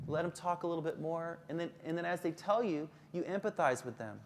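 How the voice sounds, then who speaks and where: A man presenting a live workshop to teachers as a school counselor, lively, then dropping to a soft low voice for calm examples. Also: fairly quick, noisy background.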